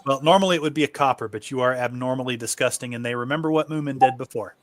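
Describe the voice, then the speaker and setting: A man's voice: medium pitch, very fast, dry recording, soft background music. Laid-back man running a tabletop game. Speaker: game master. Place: home setup, online stream.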